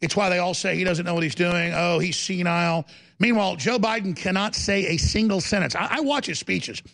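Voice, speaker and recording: A man hosting a talk radio show, ranting aggressively in a rapid-fire manner. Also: sits high, lively intonation, creaky, fairly bright tone.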